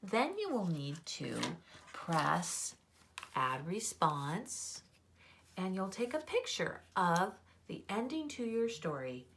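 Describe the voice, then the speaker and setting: A woman teaching young children to write, sounding out letters slowly and exaggerating her voice. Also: on the low side, big pitch swings, fairly bright tone, slight background noise.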